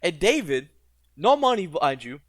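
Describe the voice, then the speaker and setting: A man rants through a reaction commentary in a blunt, profane way. His voice sits a little on the high side. The recording is dry and close, with no room sound. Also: sing-song, normal speed, no echo. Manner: mocks characters in put-on quotes.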